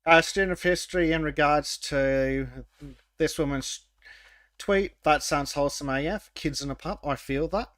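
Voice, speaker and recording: A man hosting a casual podcast, talking in a wry, sarcastic way with halting restarts. His voice sits fairly high, and it sounds dry and close, with no room around it. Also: fairly bright tone, no echo. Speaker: podcast host.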